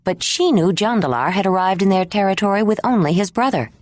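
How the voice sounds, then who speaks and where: A woman narrating an audiobook in an expressive reading style. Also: medium pitch, fairly quick, dry recording, studio quality. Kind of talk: scripted narration.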